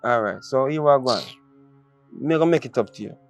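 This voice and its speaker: A man's voice: mid-range voice, a little fast, faint music behind, natural voice. A man playing a coaxing Jamaican boyfriend. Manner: coaxing patois, repeats himself. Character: sweet-talking Jamaican boyfriend. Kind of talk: comedy skit acting.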